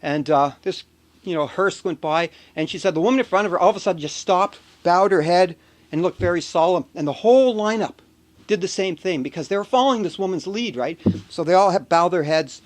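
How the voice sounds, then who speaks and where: A man's voice: high-pitched, fairly quick. A man vlogging in a casual, chatty way, telling an anecdote with chuckles. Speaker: video blogger. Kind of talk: casual chat.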